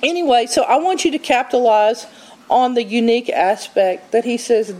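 A woman teaching on scripture in a conversational, animated way, quoting verses and acting out what people said. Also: fairly high pitch, normal speed, low-quality recording. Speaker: Bible teacher.

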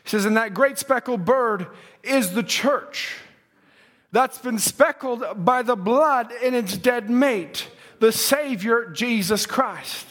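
A male preacher delivering a sermon, swinging from shouted, singsong lines to quiet asides. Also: very high-pitched, takes it slowly.

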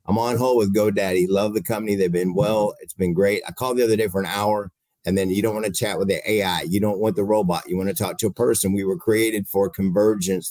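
A man on a podcast, telling a lively story about a frustrating phone call and acting out the dialogue with exasperation. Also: on the low side, dry recording. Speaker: guest telling a rant. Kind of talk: animated storytelling rant.

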